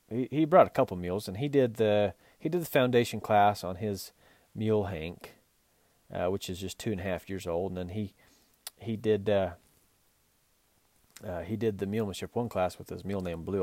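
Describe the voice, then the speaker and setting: A man's voice: on the low side, a little mellow, no echo, clean studio sound. A man hosting a podcast, coaching riders in an earnest talk with many restarts. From Utah. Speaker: podcast host and horse and mule trainer.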